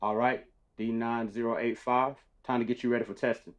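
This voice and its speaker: A man's voice: medium pitch, fairly even intonation, fairly quick, lo-fi sound, slight background noise, lightly acted. A man playing a laid-back, blunt male guard who talks in a casual drawl.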